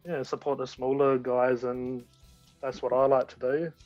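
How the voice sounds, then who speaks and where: A man's voice: medium pitch, flat delivery, moderate pace, a little mellow, no echo, faint music behind. A man as a guest in a casual chat, talking enthusiastically and rambling with frequent restarts. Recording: dull lo-fi audio.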